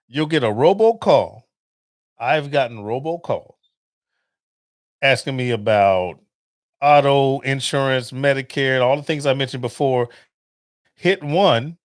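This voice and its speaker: A man's voice: a little high, no echo, studio quality. A man hosting a podcast, chatting casually and animatedly as he tells stories and acts out phone calls. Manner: animated storytelling with laughs and acted-out phone calls. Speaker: podcast host. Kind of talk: casual monologue.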